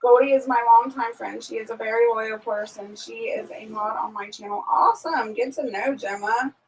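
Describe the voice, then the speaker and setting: A woman's voice: on the high side, expressive, normal speed, gravelly, distant mic, low-quality recording. Chatty woman host, set back from mic. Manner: chatty, laughs easily, greets viewers by name. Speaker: livestream host. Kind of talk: casual morning livestream chat. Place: at home on a small farm.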